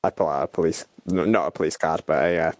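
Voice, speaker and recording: A man's voice: rumbling low, steady tone, fast talker, a little mellow. A man playing a tabletop game, answering in stammering, hesitant replies. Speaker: player.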